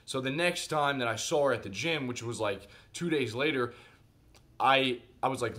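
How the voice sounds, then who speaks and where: A man telling a personal story in a casual vlog monologue, animated and conversational, speaking directly to his viewers. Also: medium pitch, moderate pace. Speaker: vlogger.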